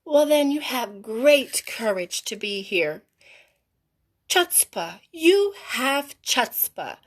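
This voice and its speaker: A woman voicing an old immigrant shopkeeper in a storybook read-aloud, speaking slowly and solemnly. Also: a little high, sing-song, full character voice. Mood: moved, warm. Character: old immigrant man, shopkeeper, gruff turned warm.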